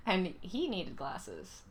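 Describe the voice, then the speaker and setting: A young woman from Canada giving casual reaction commentary, often pausing and searching for her words. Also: medium pitch. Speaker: reaction video host.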